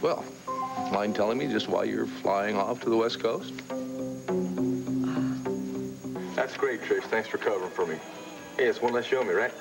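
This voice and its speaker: A man's voice: on the low side, a little fast, creaky, loud music behind the voice, poor audio. An actor playing a playful young man who works as a porter and teases his friends, in 1980s soap opera style. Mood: breezy. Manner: teasing, playful. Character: joking young radio station porter.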